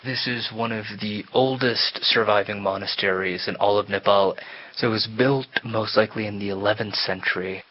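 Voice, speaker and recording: A man working as guide and researcher, explaining history in a measured, informative way. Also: fairly low pitch, fairly even intonation, dull audio. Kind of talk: explanatory interview answers.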